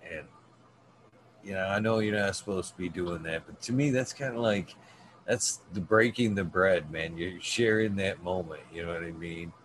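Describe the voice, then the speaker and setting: Man, very low voice, relaxed, earnest, lots of fillers, faint ambience. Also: moderate pace, a little hiss or hum. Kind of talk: casual conversation.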